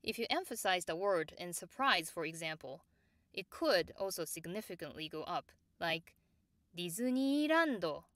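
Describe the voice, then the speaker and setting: A woman teaching Japanese pronunciation, explaining pitch accent in a precise way and repeating each example word. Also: pushed and bright, no room sound. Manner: measured and precise, models example words slowly and repeats them. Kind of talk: slow, clear instructional explanation.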